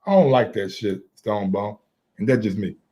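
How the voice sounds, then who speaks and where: A man in a casual sports chat, talking in a laid-back, halting way and repeating words as he gets going. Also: lowish voice, warm tone.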